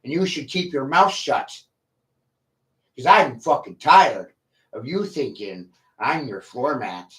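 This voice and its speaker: A man on a livestream rant who drags out every line at a slow, heavy crawl. He swears freely and sounds combative and full of himself, leaving long pauses between jabs. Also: medium pitch, lively intonation, fairly bright tone. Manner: profane, combative, boastful.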